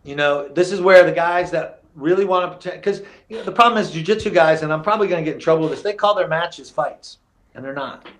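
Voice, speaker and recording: A middle-aged man with a slightly high voice tells fight stories as a podcast guest in a casual storytelling interview. He speaks fast and animatedly, laughing through his anecdotes and often restarting his sentences, keeping everything loose.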